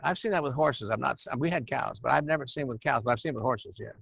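A man's voice: mid-range voice, fast talker, creaky, slightly rough, no echo. An older man who counsels and teaches church leaders, talking in a folksy, conversational way that slips into preaching. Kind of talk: informal teaching to a group. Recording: dry, muffled lo-fi recording.

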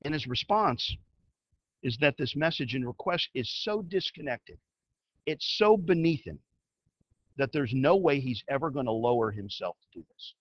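A man preaching a sermon as a pastor. He tells the story in an animated way and swings from loud to hushed. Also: mid-range voice, moderate pace, no echo, lo-fi sound.

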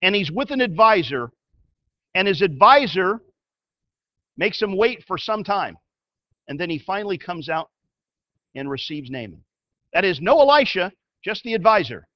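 A man preaching a sermon as a pastor. He tells the story in an animated way and swings from loud to hushed. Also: high voice, normal speed, long pauses, no room sound, lo-fi sound.

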